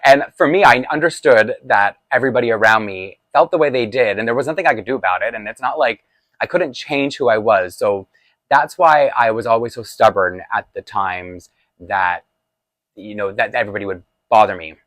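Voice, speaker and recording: A man's voice: lowish voice, brisk, a bit bright, no echo. A man in his forties telling a personal childhood story in a chatty, confessional way, laughing often. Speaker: vlogger. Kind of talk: storytime vlog.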